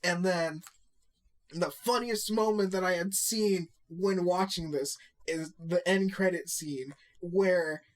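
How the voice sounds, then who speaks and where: A woman co-hosting a casual podcast, retelling scenes in an animated way and acting out the quotes. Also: on the low side, takes it slowly. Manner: animated retelling, acts out quotes, laughs a lot. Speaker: podcast co-host. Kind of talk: casual chat.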